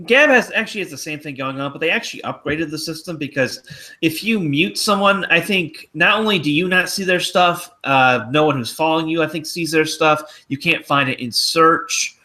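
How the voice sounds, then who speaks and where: A man's voice: a little high, pushed and bright. A man who is a guest on a casual livestream, explaining his views at length.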